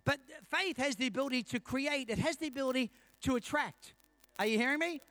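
A man's voice: extremely high pitch, brisk, fairly bright tone, no room sound. A male pastor in his fifties preaching a sermon, telling a personal story and calling out to his congregation. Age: 50s.

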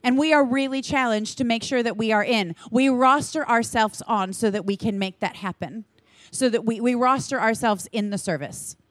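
A woman giving a conference talk to church leaders in an energetic, earnest, chatty manner with quick asides. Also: a little high, no room sound. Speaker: church children's ministry leader speaking to leaders.

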